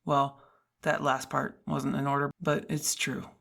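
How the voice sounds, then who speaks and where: A woman voicing a kindly middle-aged male security guard who speaks gently and apologetically in an audiobook. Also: a bass voice, flat delivery, a little slow, creaky, pitched below the performer's own voice, exaggerated voice. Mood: apologetic.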